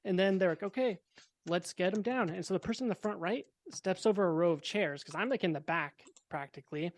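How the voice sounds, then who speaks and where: Speaking a little fast in a high voice, this young podcast guest recounts a personal story. He keeps it relaxed and casual, lacing it with dry, deadpan dark humor.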